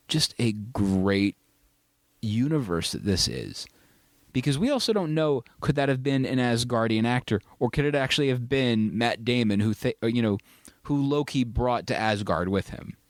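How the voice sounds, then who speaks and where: A man's voice: medium pitch, lively intonation, normal speed, no room sound, clean studio sound. A man hosting a casual podcast, reviewing a film with enthusiastic, rambling, joking talk. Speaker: podcast host. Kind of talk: casual movie review chat.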